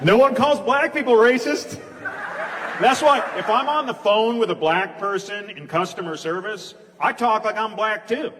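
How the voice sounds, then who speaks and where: Male stand-up comic, slightly high voice, punchy one-liner delivery; echoey theater, loud noise. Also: normal speed. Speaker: stand-up comedian. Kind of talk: stand-up comedy set. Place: large theater stage.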